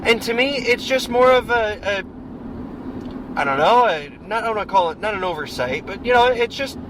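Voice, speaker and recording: A man's voice: sits high, expressive, a little fast. A man co-hosting a podcast, talking casually and emphatically in a car, rambling through his opinions. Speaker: podcast co-host. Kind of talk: casual chat. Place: inside a car on the road. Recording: loud road noise in a car.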